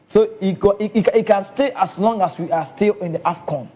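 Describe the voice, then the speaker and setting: A man's voice: high-pitched, fairly quick, dark tone. A man with a Nigerian accent giving casual football commentary, chatty and often checking in with his listeners.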